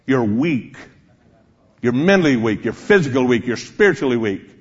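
A loud, scornful atheist man rants and jeers defiantly at a crowd, as a preacher puts him on. His husky voice rises high and turns to shouting. The recording is dull and lo-fi. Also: sing-song, moderate pace. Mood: ranting. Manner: ranting, mocking, defiant.

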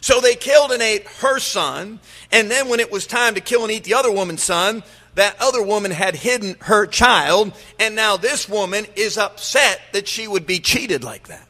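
A man's voice: high voice, expressive, moderate pace, bright, forceful tone. A middle-aged man preaching a sermon as pastor, emphatic, rising and dropping his voice to drive home his points. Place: church sanctuary. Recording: long reverb of a large hall.

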